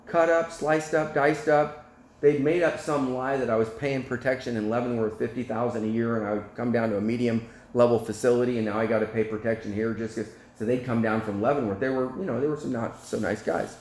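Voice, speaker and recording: A man giving a spoken testimony as a preacher, telling his story in a lively way and acting out the voices. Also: mid-range voice, quick pace, hardly any pauses, slight background noise. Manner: animated storyteller, acts out quotes, laughs. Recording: echoey room, faint ambience.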